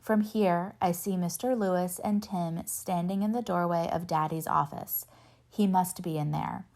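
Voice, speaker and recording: A woman reading a novel aloud in steady first-person narration, lightly voicing the dialogue. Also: on the low side, a little slow, gravelly. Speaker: reader.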